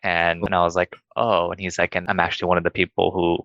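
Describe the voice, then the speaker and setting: A young man casually telling a ghost story on a podcast, acting out quoted lines in a higher voice. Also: quick pace, highs cut off, a little hiss or hum. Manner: animated, acts out quoted dialogue in a higher voice.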